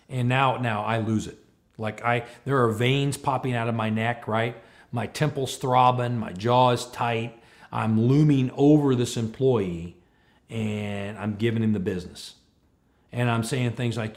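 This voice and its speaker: A man giving a talk on leadership, telling a story with lively, animated delivery and acting out both sides of a conversation. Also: medium pitch, unhurried. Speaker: speaker on leadership.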